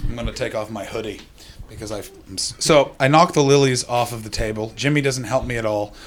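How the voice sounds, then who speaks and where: Brief: male comic, mid-pitched, swearing and bantering with the room. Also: brisk. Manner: profane, rambling, riffs with the crowd. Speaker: stand-up comedian. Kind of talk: stand-up comedy set. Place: live comedy venue.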